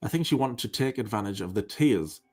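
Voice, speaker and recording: A man calmly recounting past events and reading out messages, wry and plain-spoken. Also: fairly low pitch, brisk, husky. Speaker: interviewee in clip.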